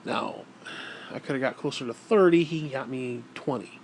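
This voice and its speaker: A man's voice: medium pitch, normal speed, a little hiss or hum. Rambling, profane man telling a story. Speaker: vlogger. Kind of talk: casual storytelling.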